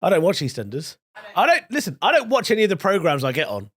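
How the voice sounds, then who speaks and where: A man from London with a middle-class British accent hosts a podcast in loose, jokey chat. His pitch swings lively and playful from line to line. The sound is dry and close. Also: quick pace, dry recording. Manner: playful, jokey, slips into silly put-on voices. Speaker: podcast host.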